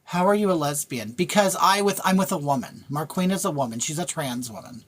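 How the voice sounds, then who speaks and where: A woman's voice: sits low, animated, a little fast, slightly rough. Blunt ranting woman on a live stream. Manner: blunt, ranting, repeats herself. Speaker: livestreamer reading chat. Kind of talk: casual live-stream rant.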